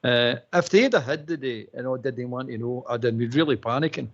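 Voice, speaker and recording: A man's voice: mid-range voice, brisk. A Scottish man hosting a fan radio phone-in, talking bluntly and repetitively, over muffled audio. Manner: blunt, repetitive, says mate often.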